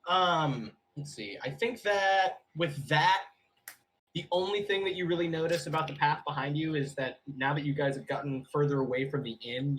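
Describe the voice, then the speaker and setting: A man narrating as game master for new players, relaxed and thinking aloud with frequent fillers. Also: mid-range voice, slight background noise, rough recording.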